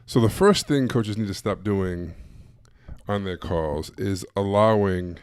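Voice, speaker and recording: Speaking a little slowly in a low, darkish, clean voice, a man teaches coaches how to run sales calls on a live stream. He stays blunt and direct, repeatedly asking rhetorical questions, and the close, dry audio has no echo.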